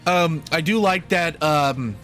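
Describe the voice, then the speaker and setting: A man's voice: a little high, slow pace, over loud music. A young man co-hosting a film podcast, talking in a rambling, jokey, profane way. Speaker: podcast co-host reviewing a film. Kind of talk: casual chat.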